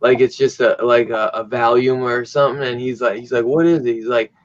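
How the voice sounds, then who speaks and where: A man's voice: medium pitch, flat delivery, brisk, dry recording, lo-fi sound. A man chatting casually on a stream, telling loose stories full of "like" and "bro". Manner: loose storyteller, says "like" and "bro" a lot. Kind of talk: casual chat.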